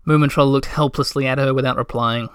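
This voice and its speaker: A man narrating a storybook in a calm, measured way. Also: mid-range voice, smooth, dry recording, studio quality. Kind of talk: audiobook narration.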